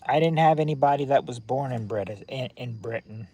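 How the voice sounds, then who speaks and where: A man from the US livestreams from home at night with the lights on, rambling chattily with viewers and often restarting. His mid-range voice is mellow and husky at normal speed, in a dry, lo-fi recording.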